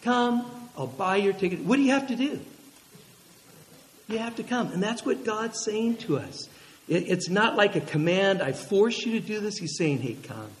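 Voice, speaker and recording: A man preaching with a high, bright voice that carries through a large hall with a long reverb tail. He tells lively stories and keeps asking the congregation questions, swinging from quiet asides to excited bursts. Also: normal speed. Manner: lively, animated storytelling with audience questions. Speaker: pastor. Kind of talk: sermon.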